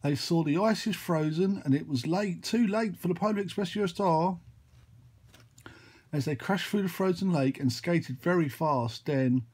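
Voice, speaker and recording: A man telling a long, rambling made-up story, full of excited sound effects. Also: a little high, moderate pace, husky. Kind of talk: improvised storytelling.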